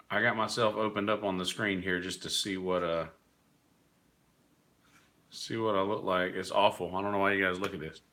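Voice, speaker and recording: A man's voice: on the low side, bright, forceful tone. A man hosting his own podcast, telling rambling stories in a candid, profane, casual way. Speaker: podcast host; working musician. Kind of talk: casual monologue.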